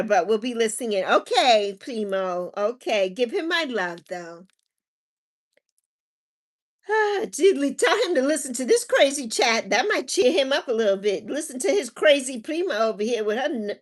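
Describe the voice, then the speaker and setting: A middle-aged woman chats casually on her livestream, reading comments out loud and laughing often. Her voice sits a little higher than most women's. She talks loosely and lively. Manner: animated, laughs often, reads chat aloud. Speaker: livestream host reading chat.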